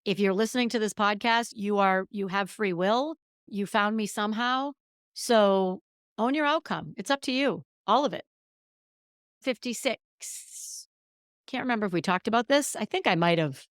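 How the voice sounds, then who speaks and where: A woman's voice: mid-range voice, normal speed, clear, resonant tone, no room sound, clean studio sound. A middle-aged woman hosting a solo podcast, talking candidly and emphatically, with a self-deprecating streak. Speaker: podcast host. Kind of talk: casual solo podcast monologue.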